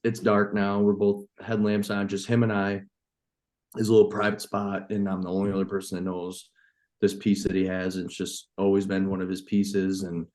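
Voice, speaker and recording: A man from New York, a farmer and hunter, telling a story as a podcast guest, excited and profane. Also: low voice. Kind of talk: casual storytelling.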